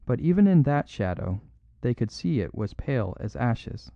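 A man narrating a classic story in a measured, low-key way. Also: big pitch swings, creaky, dark tone, no room sound. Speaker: audiobook narrator. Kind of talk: scripted narration. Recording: dull lo-fi dry recording.

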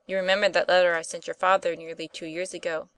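A woman voicing a kindly, patient male schoolteacher who speaks earnestly and gently. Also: on the low side, little pitch movement, fast talker, clear, resonant tone, no room sound, natural voice, poor audio.

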